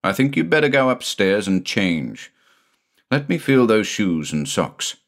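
A man's voice: lowish voice, very animated. A man doing a stern, teasing country doctor. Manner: brisk, scolding, gently teasing. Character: stern but kindly country doctor father.

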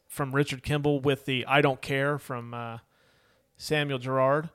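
A man's voice: medium pitch, flat delivery, a little slow, fairly bright tone, clean tone. A man co-hosting a casual movie podcast, rambling with many fillers and laughs. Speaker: podcast co-host. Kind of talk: casual movie review chat.

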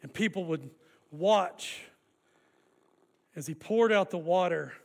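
Male preacher, bright high voice, lively, gets the congregation to join in. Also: takes it slowly, gravelly. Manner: animated, leads congregation in call-and-response. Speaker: pastor. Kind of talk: sermon.

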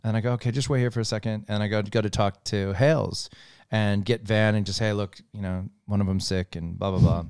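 A middle-aged man, chatting casually and telling an animated story, swearing freely and laughing as he goes. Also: fairly low pitch, a little fast, smooth, no echo, studio quality. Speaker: podcast co-host telling a story. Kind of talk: casual chat.

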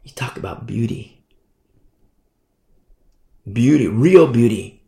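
A man's voice: mid-range voice, expressive, slow, pauses often, darkish tone. A man preaching a sermon in a fiery, scornful, emphatic manner. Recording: echoey room.

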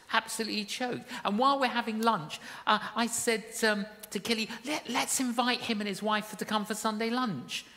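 Woman preacher, bright and forceful, big church hall with long reverb, storytelling sermon style. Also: fairly high pitch. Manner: storytelling, rising to emphatic calls.

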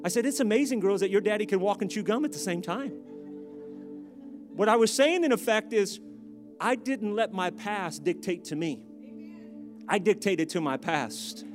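Pastor guy, high voice, jokey then shouting it out, music under him. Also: normal speed, pauses often. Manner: joking asides building to loud emphatic exhortation. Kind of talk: sermon.

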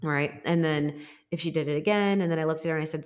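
A woman's voice: sits low, quick pace, hardly any pauses. A woman and mother chatting casually, telling a long, earnest story in a reflective, rambling way. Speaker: podcast co-host and mother. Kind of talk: casual chat.

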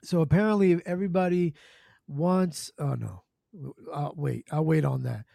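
Gravelly playful radio host. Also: male voice, fairly high pitch, moderate pace, warm tone, no echo, clean studio sound. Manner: playful, repeats nicknames. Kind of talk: casual radio show talk.

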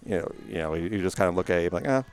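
A man's voice: sits low, fairly even intonation, racing, smooth. A middle-aged man, a retired racing driver, telling stories as a guest in a casual interview, rambling with many fillers and restarts.

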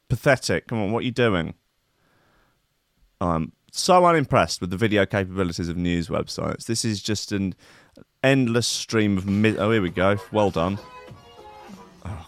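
A man's voice: low-pitched, lively intonation, moderate pace, dry recording, soft background music. A man hosting a comic show, riffing on odd news stories in a rambling, sardonic, sweary way. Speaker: host. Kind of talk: comic commentary on news clips.

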